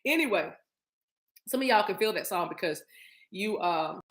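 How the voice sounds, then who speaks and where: A woman's voice: medium pitch, animated, moderate pace, fairly bright tone. A woman hosting a daily spiritual live stream, chatting playfully with her viewers and laughing often. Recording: echoey room.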